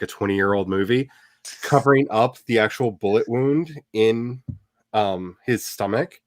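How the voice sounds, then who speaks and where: Male host, casual chat, animated rambler, mid pitch, dry close sound. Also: no echo. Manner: animated, rambling with many fillers.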